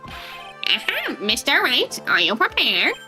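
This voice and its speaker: Streamer girl doing a bright squeaky old judge guy, formal court talk, pitch all over the place. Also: huge pitch swings, slow pace, faint music behind, heavily acted. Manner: formal, ceremonial court speech. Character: stern elderly male courtroom judge. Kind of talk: voicing game characters on stream.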